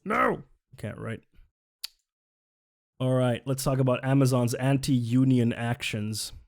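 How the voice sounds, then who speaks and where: A man's voice: medium pitch, level tone, takes it slowly, mellow. A man streaming live, reacting to news clips in a casual, sarcastic, exasperated way, swearing and laughing often. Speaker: livestreamer.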